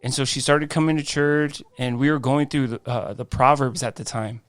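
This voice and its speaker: A man tells his life story on a podcast, jumping into the voices of the people he quotes. His tone is smooth and resonant, and the sound is close and dry, with faint music underneath. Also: medium pitch, normal speed, dry recording. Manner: animated storyteller acting out quoted dialogue; frequent restarts and "I'm like" quoting. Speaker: podcast guest.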